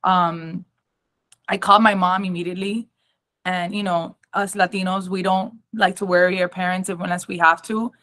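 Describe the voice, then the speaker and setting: A young adult woman giving a personal testimony at an awareness talk, emotional and halting, with many ums and restarts. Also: fairly low pitch, flat delivery, fairly bright tone.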